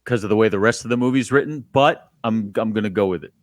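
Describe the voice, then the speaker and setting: A man's voice: fairly low pitch, fast talker, no room sound, clean studio sound. A man chatting about a film on a podcast, blunt and wry, with a cynical streak. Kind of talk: casual film discussion.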